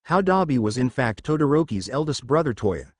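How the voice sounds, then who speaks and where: A man reads a story aloud in a mid-pitched voice that rises and falls a lot. The recording is close and dry, with no room sound around him. His delivery stays steady, like a storybook narration. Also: a little fast, no room sound. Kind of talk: fan fiction reading.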